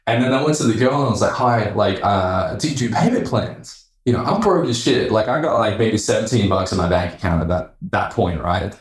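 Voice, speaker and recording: A man, a podcast guest telling a story in a casual, animated way, acting out quoted voices and swearing freely. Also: lowish voice, brisk, few pauses. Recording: roomy echo.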